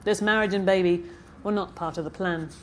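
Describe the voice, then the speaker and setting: A woman's voice: on the low side, steady tone, brisk, slight background noise, lightly acted. A woman voicing a flustered, defensive young man facing his parents, reading aloud. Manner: hesitant, defensive.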